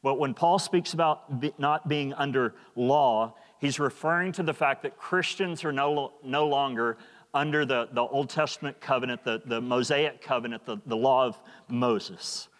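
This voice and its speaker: A man's voice: medium pitch, normal speed, fairly bright tone. A man preaching a sermon in a church, earnest and emphatic, often repeating words. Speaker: pastor. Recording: long hall reverb.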